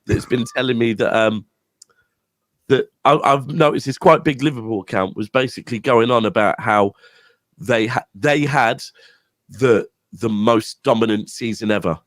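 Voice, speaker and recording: A man's voice: medium pitch, normal speed, fairly bright tone, no room sound. A man on a football panel, chatty and telling stories full of acted-out dialogue. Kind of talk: casual football chat.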